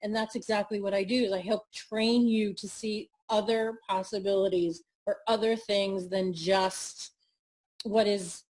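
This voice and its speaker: A woman speaking as a guest mindset coach in an interview, talking in an animated, emphatic way and acting out examples as she explains. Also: medium pitch, unhurried. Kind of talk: interview conversation.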